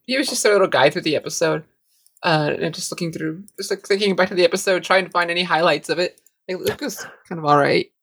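A woman with a slightly low voice co-hosts a casual podcast chat. She talks hesitantly, leans on fillers and laughs often between her thoughts. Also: husky. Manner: giggly, hesitant, filler-heavy speech. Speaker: podcast co-host.

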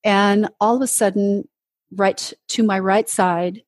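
Guesting on an interview show, this woman, who leads a ministry, recounts her testimony in earnest storytelling style, voicing the people she quotes. She speaks slowly in a mid-range voice with fairly even intonation, and the recording is dry.

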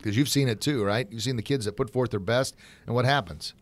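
A man's voice: medium pitch, brisk. A middle-aged man hosting a podcast and running a martial arts academy, talking with earnest passion and calling his listeners folks.

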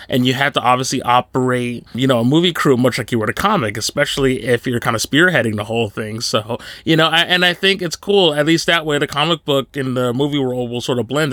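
A man hosting a casual interview, chatty and quick to laugh, with lots of fillers. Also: mid-range voice, fairly bright tone, no room sound. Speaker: podcast host.

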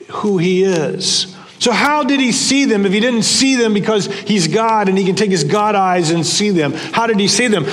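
An older male pastor preaches in a church sanctuary with a fairly high voice. He talks conversationally and repeats key phrases for emphasis. His words trail off into a long reverb. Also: fairly bright tone. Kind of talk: sermon.

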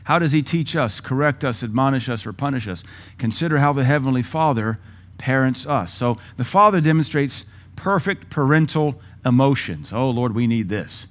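A man's voice: medium pitch, expressive, normal speed. Middle-aged male pastor, emphatic sermon delivery in punchy bursts. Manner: emphatic, punchy lists of words.

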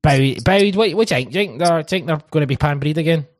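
A Scottish man hosting a casual football podcast, laughing and swearing through quick banter. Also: a little high, no room sound. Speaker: podcast host.

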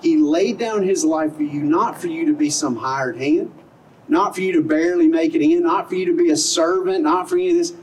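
A man's voice: fairly high pitch, moderate pace, darkish tone, recorded from a distance, low-quality recording. A middle-aged man preaching an outdoor sermon as pastor, earnest and conversational, full of rhetorical questions. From American South. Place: outdoor service in a parking lot.

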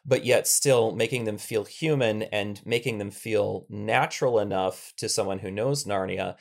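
A man's voice: fairly low pitch, normal speed, creaky. A man hosting a podcast who talks carefully, thinking aloud and choosing his words. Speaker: podcast host. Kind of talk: casual podcast interview.

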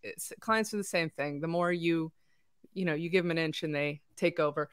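A woman's voice: low-pitched, fairly even intonation, normal speed, smooth, dry recording, studio quality. A woman hosting a podcast, talking in a direct, coaching way in a casual chat. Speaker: podcast host.

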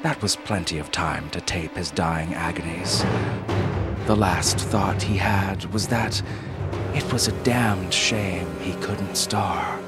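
A man narrating a dark science-fiction story in a measured, dramatic reading. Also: deep voice, over loud music.

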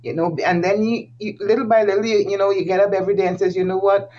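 A woman's voice: medium pitch, steady tone, fast, mellow. A woman guest speaks earnestly in a conversational interview, stressing her points and repeating key phrases, with frequent light laughs. Her voice comes through slightly dull, lo-fi audio.

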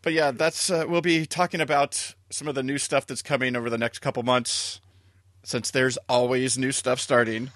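A man's voice: mid-range voice, little pitch movement, normal speed, fairly bright tone, dry recording. Dry-voiced male podcast host. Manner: rambling, chuckling wrap-up announcements. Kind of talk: casual podcast chat.

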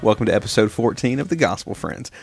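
A man's voice: on the low side, expressive, fast, gravelly, faint music behind. A man hosting a podcast with teasing, wry humor. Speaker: podcast host. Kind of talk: casual podcast banter.

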